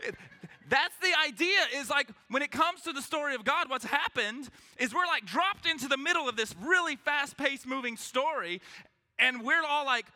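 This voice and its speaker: A male pastor preaches from a church stage with a high, very bright voice that swoops all over the place. He jokes with the room and acts out quick voices to make his points. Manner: animated, joking, acts out voices. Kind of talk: sermon. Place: church sanctuary with congregation.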